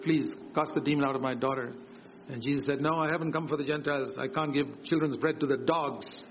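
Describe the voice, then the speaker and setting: A man preaching a sermon, emphatic and repetitive, lifting his voice for quoted words. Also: a little hiss or hum. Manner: emphatic, repeats key phrases, swings higher for quoted words. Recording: dull lo-fi sermon recording with faint ambience.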